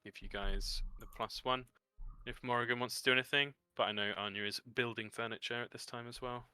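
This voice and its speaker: Bright, crisp-voiced man running a tabletop game. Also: mid-range voice, brisk, dry recording. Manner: lively descriptive narration with sound effects. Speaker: game master.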